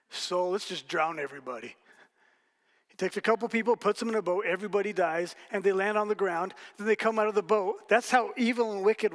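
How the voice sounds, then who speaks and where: A man's voice: high voice, fairly bright tone. A man preaching a sermon as pastor, telling stories casually with jokes and asides to the congregation. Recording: hall reverb.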